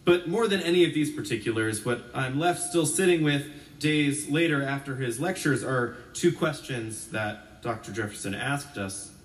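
A man's voice: mid-range voice, animated, normal speed, hardly any pauses, a little hiss or hum. A male Episcopal priest giving a sermon, chatting easily and with self-deprecating humor before turning reflective. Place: church sanctuary. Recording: roomy church echo from a distance.

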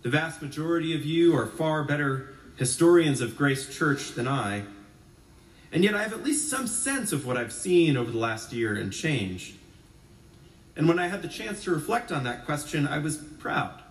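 A man's voice: a little high, big pitch swings, moderate pace. A male Episcopal priest giving a sermon, chatting easily and with self-deprecating humor before turning reflective. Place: church sanctuary. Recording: roomy church echo from a distance.

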